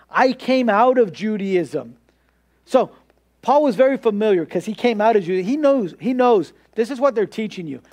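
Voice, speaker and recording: A man's voice: sits high, darkish tone. A male pastor preaching a sermon in a conversational way, repeating words and asking rhetorical questions.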